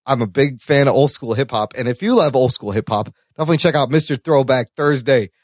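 A man co-hosting a podcast in casual chat. He is chatty and animated, laughs often and swears casually. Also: medium pitch, quick pace, dry recording, studio quality. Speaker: podcast co-host.

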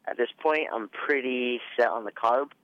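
A man's voice: mid-range voice, moderate pace, no echo. A male racer talking as a guest on a radio show, hesitant and full of ums. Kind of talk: casual radio interview. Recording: dull dry radio recording.

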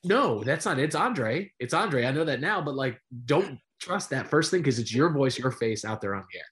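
A middle-aged man, a sportscaster guest, telling stories in a casual interview, animated and full of fillers. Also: mid-range voice, brisk. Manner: animated storyteller with many fillers.

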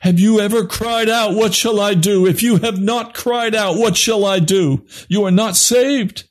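A man preaching an impassioned sermon, swinging from low grave tones to high urgent pleading. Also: unhurried.

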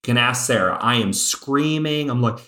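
A man co-hosting a casual chat, an excited fan who talks in bursts, now fast, now slow. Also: medium pitch. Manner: excited fan, speeds up and slows down. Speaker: podcast co-host. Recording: roomy echo.

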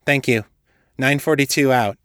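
A man voicing a commanding young woman investigator who talks briskly, with an exasperated edge. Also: medium pitch, a bit bright, no echo, studio quality, voice pushed up, close to an everyday voice.

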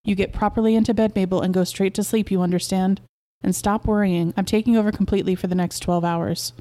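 A woman's voice: mid-range voice, fairly even intonation, fast talker, dark tone, lightly acted. A woman voicing Albert, an eager young husband who coaxes and reassures his wife, in a short story read aloud. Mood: reassuring. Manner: earnest and coaxing.

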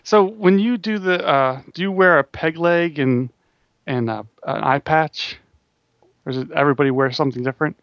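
A man's voice: a little high, moderate pace, no echo, dull audio. A man co-hosting a podcast in casual chat, asking dry, offbeat questions. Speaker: podcast co-host.

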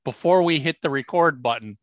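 A man's voice: fairly high pitch, a little fast, no room sound. A man hosting a casual podcast, teasing his co-hosts and often restarting his sentences. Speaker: podcast host.

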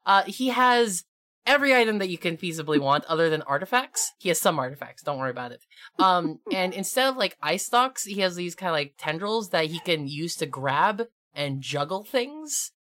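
A woman's voice: on the low side, big pitch swings, moderate pace, fairly bright tone. A young adult woman, a game master, chatting casually on a tabletop gaming podcast in a bubbly, rambling way. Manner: bubbly, rambling, lots of filler and laughter.

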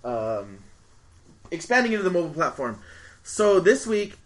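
A man's voice: fairly high pitch, big pitch swings, moderate pace, a bit bright. A man hosting a casual podcast chat, moving the talk through news stories. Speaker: podcast host.

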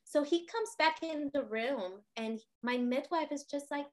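Her voice is high, and she's an interview guest telling a story about herself with plenty of energy and expression. She imitates the voices of people she quotes and keeps adding a quick "right?" to make sure her listener is following.

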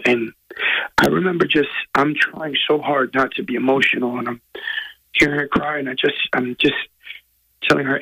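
Guy musician on a radio interview, earnest and halting, bright tense voice. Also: medium pitch, fairly even intonation, creaky, slightly rough, low-quality recording. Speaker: guest musician. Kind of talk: heartfelt personal storytelling. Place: hotel room.

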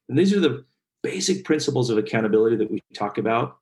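A man's voice: mid-range voice, fast talker. A middle-aged man, a guest speaker and author, telling stories in an earnest, heartfelt way during a podcast interview. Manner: earnest, animated storyteller, gets choked up.

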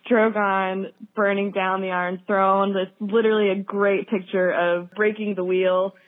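A woman's voice: medium pitch, flat delivery, unhurried. A woman leaving an emotional, rambling voicemail for a podcast she loves. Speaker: caller. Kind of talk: voicemail message. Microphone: phone. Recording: tinny phone line.

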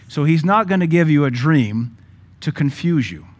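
A man preaching a sermon as pastor, emphatic and joking, with sudden louder bursts. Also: fairly high pitch, animated, moderate pace.

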